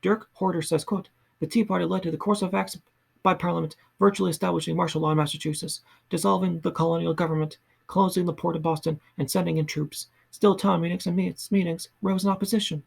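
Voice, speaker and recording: A man reading a history book aloud in a soft ASMR style, slow and halting, often stumbling and restarting words. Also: high voice, fairly even intonation, gravelly, husky. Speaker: ASMR reader.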